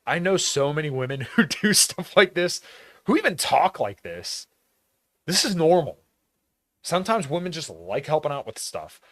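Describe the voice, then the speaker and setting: A man's voice: on the high side, big pitch swings, moderate pace, a bit bright, no echo, studio quality. A man from rural Pennsylvania hosting a podcast in a blunt, profane, casual monologue, laughing often. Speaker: podcast host.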